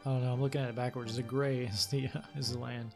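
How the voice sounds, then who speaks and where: A man from Louisiana hosting a let's play, reading the game's story text aloud and thinking out loud in a laid-back way. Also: mid-range voice, level tone, fast talker, vocal fry, music in the background. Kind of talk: reading game text aloud with casual commentary.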